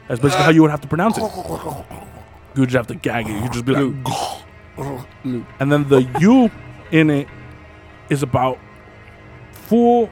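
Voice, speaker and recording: A man talking casually on a podcast, loose and profane, circling back over his own sentences as he explains things. His pitch sits in the middle of the male range. A faint bed of music plays behind him. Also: animated, normal speed, long pauses, darkish tone. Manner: rambling, profane, many restarts. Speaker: podcast co-host. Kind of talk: casual chat.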